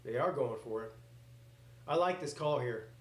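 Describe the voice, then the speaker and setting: A man hosting a casual live reaction stream, calling plays as they happen in a rambling, excitable way that slips into swearing. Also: medium pitch, moderate pace. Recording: roomy echoey home setup.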